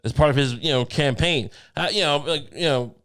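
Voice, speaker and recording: A man's voice: fairly high pitch, a little fast, a bit bright. A man co-hosting a comedy podcast, riffing in a rambling, profane way with absurd jokes. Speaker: podcast co-host. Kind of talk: casual comedic podcast banter.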